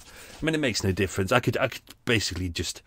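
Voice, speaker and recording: A man's voice: fairly low pitch, animated, fast, sharp tone, a little hiss or hum. Chatty British man hosting a podcast. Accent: British English. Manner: chatty, self-mocking, rambling asides. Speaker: podcast host. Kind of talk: casual chat. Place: home studio.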